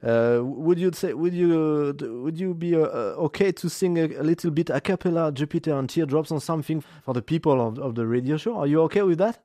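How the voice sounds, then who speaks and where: A man's voice: a little high, fairly quick, few pauses, warm tone, no room sound, clean studio sound. A French man hosting a radio interview in English with a French accent, hesitant and repeating words. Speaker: radio show host.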